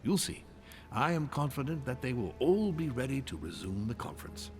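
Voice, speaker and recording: An actor playing a scheming aristocratic lord who speaks in a persuasive, courteous, calculating way. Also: male voice, medium pitch, very animated, normal speed, soft background music. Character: smooth, scheming aristocrat lord hosting a conference. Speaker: game character, castle host lord.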